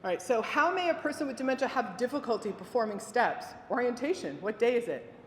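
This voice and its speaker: A woman teaching families about dementia care, giving a presentation and telling lively stories with quoted voices. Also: a little high, fast, slight background noise. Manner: lively storytelling with acted quotes. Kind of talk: presentation to an audience. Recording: echoey hall with faint ambience.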